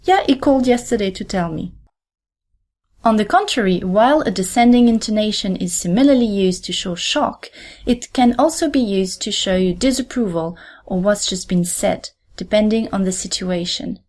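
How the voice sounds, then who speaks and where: Clear, deliberate woman teaching. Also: mid-range voice, a little mellow. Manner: clear, deliberate, repeats example phrases slowly. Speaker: podcast host and French teacher. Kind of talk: scripted language lesson.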